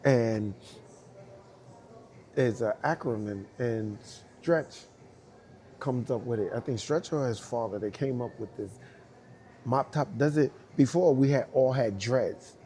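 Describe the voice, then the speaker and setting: A man tells a story in an interview, animated and quick to laugh. His voice sits at an ordinary middle pitch. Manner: animated, laughing often, acts out quoted voices. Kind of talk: storytelling anecdote.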